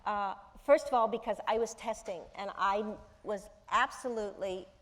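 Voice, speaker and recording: A woman in her sixties, an actress guest telling lively anecdotes with laughter in an onstage interview. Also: mid-range voice, normal speed. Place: large auditorium. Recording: long hall reverb.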